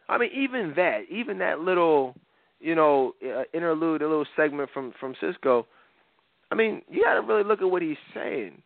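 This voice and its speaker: A man's voice: on the high side, very animated, normal speed, no room sound. A man in his thirties hosting a talk show, giving blunt opinions in a rambling way with lots of fillers. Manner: blunt, rambling, frequent "you know" fillers. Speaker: podcast host. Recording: dry, phone-like narrow sound.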